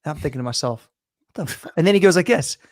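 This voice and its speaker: Guy cohosting a podcast, cussing and fired up telling stories, kinda high voice, dry mic. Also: racing, no room sound. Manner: profane, animated storytelling. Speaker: podcast co-host. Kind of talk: casual chat.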